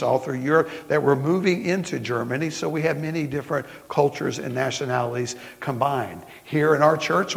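A middle-aged man with a Southern accent, preaching a sermon as pastor in folksy storytelling style, slowing down for emphasis. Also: on the high side, gravelly. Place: church sanctuary. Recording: long hall reverb.

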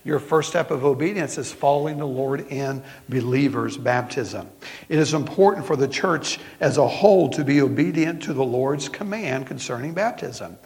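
A middle-aged man with a Southern accent, preaching a sermon as pastor in folksy storytelling style, slowing down for emphasis. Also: mid-range voice, a little mellow. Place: church sanctuary. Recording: long hall reverb.

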